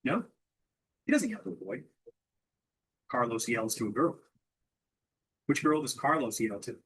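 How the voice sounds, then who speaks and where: A man's voice: medium pitch, lively intonation, a little slow, a little hiss or hum, poor audio. A man teaching English through a question-and-answer drill, asking simple questions and repeating the answers back.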